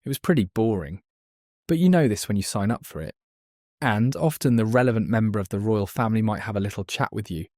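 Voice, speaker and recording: A man's voice: on the low side, lively intonation, a little fast, a little mellow, no echo, studio quality, lightly acted. A man voicing a blunt, crude male former palace footman. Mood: scornful.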